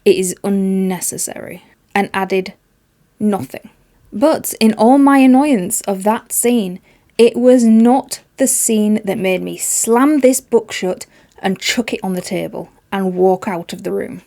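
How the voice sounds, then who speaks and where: A woman's voice: mid-range voice, unhurried, mellow. A woman giving a casual spoken book review, emphatic and exasperated, repeating words for stress.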